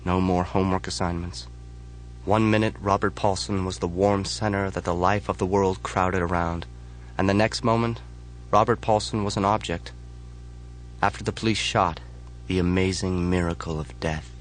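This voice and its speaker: A man reading a first-person audiobook in a measured, flat delivery. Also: sits low, a little hiss or hum. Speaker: audiobook narrator.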